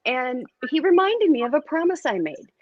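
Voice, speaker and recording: A woman speaking as an interview guest and metaphysician, telling her story in a candid, expressive way. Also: high-pitched, moderate pace, dry recording, highs cut off. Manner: candid and expressive, lively retelling.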